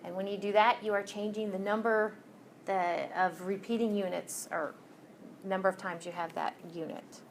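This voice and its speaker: Woman chem teacher talking thru a lecture, casual jokey asides, mid pitch, faint hiss behind. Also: steady tone, moderate pace, creaky. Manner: chatty, self-correcting, joking asides to students. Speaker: chemistry instructor. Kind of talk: recorded lecture walkthrough.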